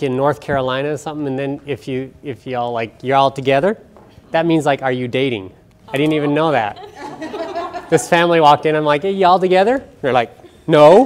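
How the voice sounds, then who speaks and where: A man's voice: medium pitch, a little mellow, slight background noise. Chatty man speaking at a small event. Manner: chatty, jokey, self-deprecating. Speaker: guest speaker on nutrition. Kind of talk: casual talk to a small audience.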